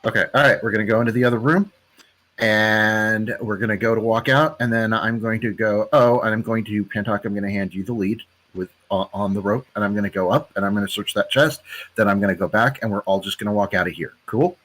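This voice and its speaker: A man playing a tabletop game, thinking through a plan out loud and second-guessing himself. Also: on the low side, fairly even intonation, quick pace. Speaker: player. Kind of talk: casual tabletop game talk.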